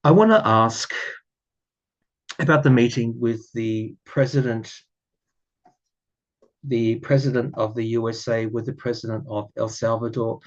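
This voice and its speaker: An Australian man talks through a tarot spread in an unhurried, musing way. He repeats himself, fills pauses with ums and the odd soft laugh. The recording sounds slightly dull and lo-fi. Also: medium pitch, fairly even intonation. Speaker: tarot reader. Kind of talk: casual tarot reading to camera.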